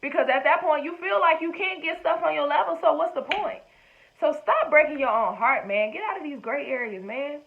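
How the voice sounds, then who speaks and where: High-voiced woman on thin, phone-like audio. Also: lively intonation, a little fast, vocal fry, slight background noise. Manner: chatty and encouraging, slangy asides. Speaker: vlogger giving dating advice. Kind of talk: casual direct-to-camera talk.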